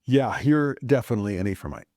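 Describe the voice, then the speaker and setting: A man's voice: medium pitch, expressive, quick pace, dark tone, no echo, natural voice. A man voicing a blunt, suspicious male guard who sarcastically quizzes a stranger at a checkpoint, in a close, dry recording. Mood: mocking. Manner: sarcastic, teasing interrogation.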